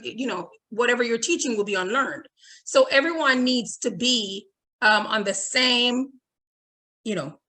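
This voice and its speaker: A woman's voice: a little high, bright, forceful tone. A woman leading an online teacher training, repeating her points and checking in with "okay?" and reading audience comments aloud. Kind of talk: webinar presentation.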